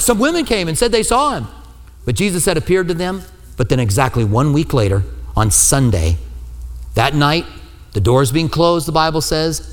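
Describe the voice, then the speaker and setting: Male pastor, sermon, lively storyteller, acts out quotes, slightly high voice, reverberant hall.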